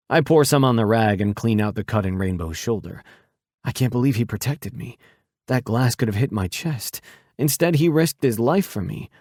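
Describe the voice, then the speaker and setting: A man with a lowish voice narrates an audiobook in a steady, measured way. The recording is dry and close, with no room sound. He keeps an even storytelling pace. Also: no room sound.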